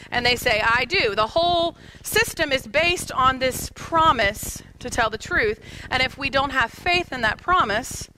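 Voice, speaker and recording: A woman's voice: high voice, pushed and bright, a little hiss or hum, low-quality recording. A woman pastor in her thirties preaching a sermon in a church, telling stories with light humor and speaking directly to the kids. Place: church sanctuary.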